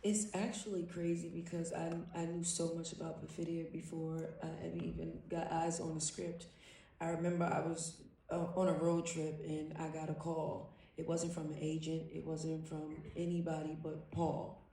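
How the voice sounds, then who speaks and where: Animated woman in an echoey hall. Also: deep voice, moderate pace. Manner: animated, laughing, slangy storytelling. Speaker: panel guest actor. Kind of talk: casual panel storytelling. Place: large event hall. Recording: echoey hall, distant mic.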